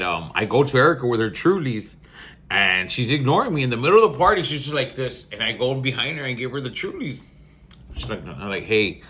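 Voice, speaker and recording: A man's voice: medium pitch, a bit bright. A young man with a South Texas accent, hosting a podcast and telling a story in casual, slangy talk with Spanish words mixed in. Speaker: podcast host.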